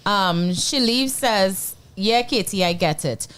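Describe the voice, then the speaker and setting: A woman's voice: mid-range voice, slow pace, a bit bright, clear, resonant tone. A woman with a Trinidadian accent co-hosting a casual talk show, chatty and upbeat, often tagging her lines with "right?".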